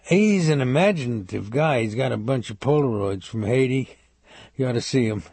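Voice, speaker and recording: A man's voice: mid-range voice, expressive, moderate pace, darkish tone, husky, no room sound. A man voicing a cruel, taunting male mob thug who talks in a crude, menacing way.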